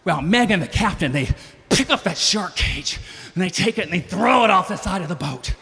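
A man telling a funny personal story live on stage, animated and acting out other people's voices. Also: moderate pace, gravelly. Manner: animated, acts out voices with big pitch jumps. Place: stage before a live audience. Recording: live stage recording with long reverb.

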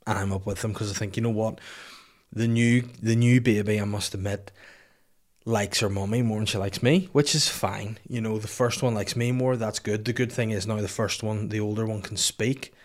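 Man, 30s, podcast host, exhausted, low-voiced, foul-mouthed rambling storyteller. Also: fairly even intonation, normal speed. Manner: profane, rambling comic storytelling. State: tired. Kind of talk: casual solo podcast rant. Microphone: podcast microphone.

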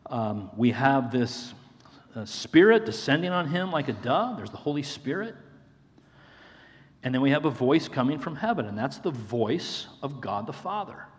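A man's voice: mid-range voice, sing-song, moderate pace. Earnest male pastor in a reverberant hall. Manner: earnest, repeats phrases for emphasis, addresses listeners as friends. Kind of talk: sermon.

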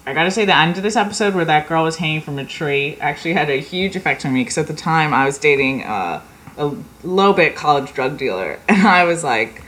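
A woman's voice: sits low, expressive, brisk, fairly bright tone. A woman on a podcast telling a candid, self-mocking story in casual chat.

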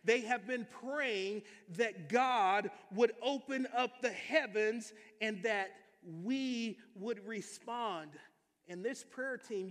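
Man, pastor, emphatic sermon, high voice, long reverb in a church sanctuary. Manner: energetic, emphatic preaching with call-and-response.

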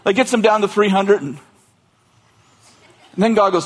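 In a sermon, a pastor with a high-pitched voice tells a story casually and with humor, speaking at normal speed. He's animated, laughing often between lines and drifting into asides and restarts.

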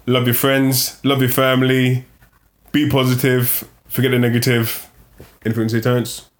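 A man's voice: medium pitch, monotone, moderate pace. A man hosts a casual podcast in an ordinary mid-range voice. He rambles a little and trips over his words, then winds down with a friendly, upbeat goodbye. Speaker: podcast host. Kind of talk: casual chat.

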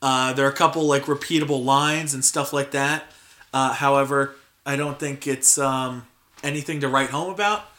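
Bright-voiced young man hosting a podcast. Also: medium pitch, fairly even intonation, normal speed. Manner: filler-heavy, frequent "like" and restarts. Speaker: podcast host. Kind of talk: casual chat.

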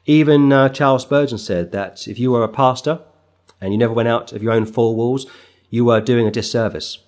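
Middle-aged man, street preacher; emphatic sermon delivery that rises to forceful bursts, mid-range voice. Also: medium pitch, steady tone, fairly quick. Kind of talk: expository sermon on scripture.

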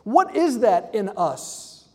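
A man giving an animated, joking talk to a live audience, acting out quick voices. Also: high-pitched, husky, big-room sound. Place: large hall with audience.

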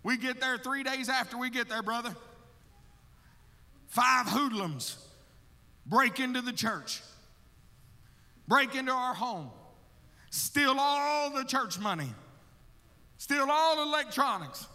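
A male missionary preaching a testimony sermon, animated and storytelling, acting out his own prayers and calling listeners brother. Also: very high voice, slow, pauses often. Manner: calls listeners brother, laughs between stories. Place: church sanctuary. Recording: long hall reverb from a church.

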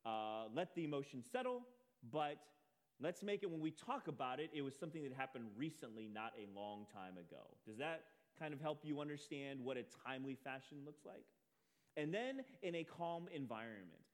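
A man preaching a sermon as pastor, telling a personal story with animated, self-deprecating asides. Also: medium pitch, moderate pace.

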